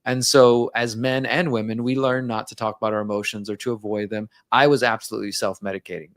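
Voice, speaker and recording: A man's voice: on the low side, flat delivery, quick pace, fairly bright tone, dry recording. Candid, reflective man in a dry room. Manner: reflective, openly personal, acts out his own inner dialogue. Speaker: interview guest. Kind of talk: candid conversational interview.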